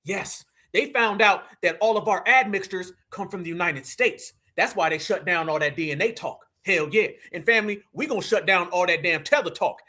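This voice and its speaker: A man's voice: high voice, normal speed, hardly any pauses, pushed and bright. A young man with a Southern US accent, giving brash, mocking reaction commentary full of profanity.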